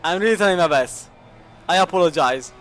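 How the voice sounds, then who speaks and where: A man's voice: high-pitched, expressive, moderate pace, fairly bright tone. A man with an Italian accent commenting live on a sim racing endurance event. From Italy. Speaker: race commentator.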